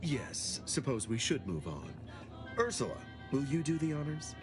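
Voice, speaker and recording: Man doing a pompous game executive, ornate formal wording, lively pitch. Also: moderate pace, over music, close to an everyday voice. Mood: condescending. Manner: formal, ornate wording with old-fashioned turns of phrase. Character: pompous, long-winded male corporate executive.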